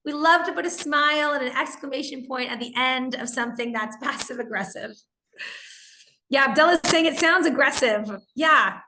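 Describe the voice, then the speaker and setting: This webinar instructor has a bright, fairly high voice and speaks at a normal speed. She teaches live over a computer mic in a chatty, explanatory style, going through examples and responding to chat questions. Echo is audible in the spacious-sounding room.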